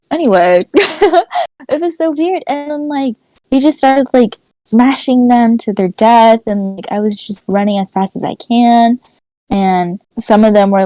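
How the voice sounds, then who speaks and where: A young woman co-hosting a podcast, telling a dream story in animated casual chat, full of "like" fillers. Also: medium pitch, no room sound, rough recording. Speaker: podcast co-host.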